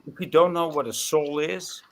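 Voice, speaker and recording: A man raised in South Africa, talking loosely and animatedly in a casual chat, getting louder as he goes. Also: fairly high pitch, steady tone, normal speed, very noisy. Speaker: co-host.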